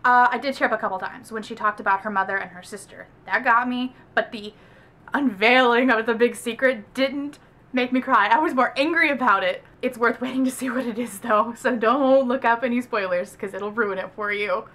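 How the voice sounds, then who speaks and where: Woman from the American South, book review vlog, chatty, bright forceful tone, slightly high voice. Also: moderate pace. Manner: chatty, animated, heavy use of "like".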